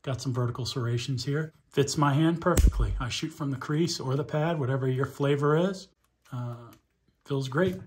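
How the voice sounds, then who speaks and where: A man's voice: medium pitch, normal speed, noisy background. A man giving an enthusiastic hands-on review of a pistol, talking conversationally as he points out its features. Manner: enthusiastic, conversational, shows details up close. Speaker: firearms reviewer.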